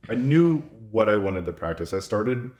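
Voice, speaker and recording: A man's voice: fairly low pitch, big pitch swings, normal speed, a little mellow. A man in his thirties, a veterinarian and clinic owner, chatting casually on a podcast and quoting the people in his stories. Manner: chatty, quotes himself and others, lots of "like".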